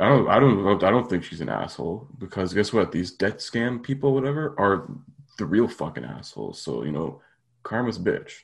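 A deep-voiced man with a gravelly, creaky edge to his talk. His delivery swings up and down expressively as he chats casually on a podcast. He is blunt, swears a lot and pads his sentences with "like". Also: sing-song, moderate pace. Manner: blunt, swears freely, hedges with "like". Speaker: podcast co-host. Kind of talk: casual chat.

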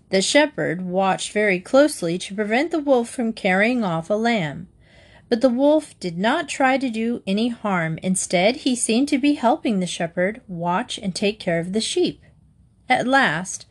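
A woman narrating children's fables in a gentle, measured storybook reading. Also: medium pitch.

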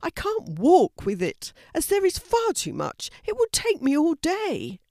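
In a storybook reading, a woman voices a kindly village postman, a grown man who is friendly, puzzled, grateful and a bit flustered. Her natural, medium-pitched voice is expressive and a little mellow at a moderate pace, captured in a dry, clean studio recording.

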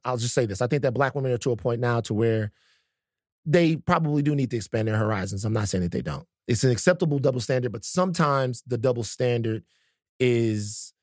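A man's voice: medium pitch, dry recording, studio quality. A man co-hosting a podcast in casual conversation, talking in a stop-start way with many fillers and restarts. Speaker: podcast co-host.

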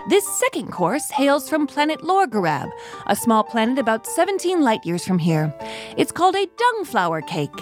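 A woman's voice: a little high, moderate pace, music in the background. A woman playing a cheerful alien chef in a children's audio comedy, talking in a bubbly, theatrical way. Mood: cheery. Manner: bubbly, animated, playfully theatrical.

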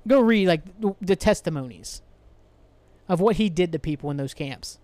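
Ranting alone on his podcast, a young host swears angrily, sighs often, and keeps restarting his thoughts. His high-pitched voice is warm with lively intonation, he talks at normal speed, and the recording is dry.

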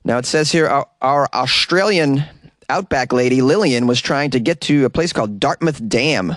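A man hosting a comedy news podcast, delivering stories with wry asides and mock exasperation. His voice sits at a middling pitch, and the recording is very dry, made in a closet. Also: moderate pace, fairly bright tone, dry recording.

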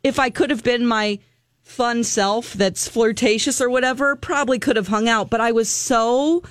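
Brief: woman podcast co-host, lively storyteller, slightly high voice, dry close mic. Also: normal speed, no room sound. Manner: animated, acts out quotes, laughs often. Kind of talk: casual chat storytelling.

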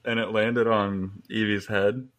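A man's voice: fairly low pitch, little pitch movement, slow pace, a bit bright. A man in his twenties, a podcast guest, telling rambling stories in casual chat and chuckling as he goes.

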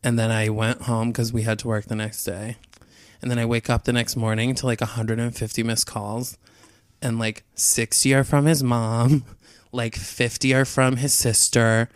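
A man telling a rambling anecdote in casual chat, with lots of "like" and a breathless, animated delivery. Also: medium pitch, moderate pace, clean tone, no echo, clean studio sound.

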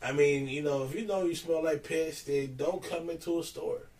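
A man's voice: a little high, normal speed, a little mellow, distant mic. A man co-hosting a casual chat, telling a profane story and laughing through it.

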